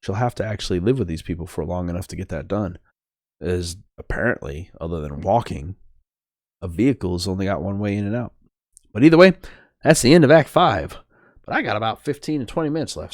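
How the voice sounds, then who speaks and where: A man's voice: lowish voice, animated, fairly quick, darkish tone, no room sound. A man hosting a game playthrough, chatting casually and thinking aloud, often correcting himself. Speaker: gaming channel host. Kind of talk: let's play commentary.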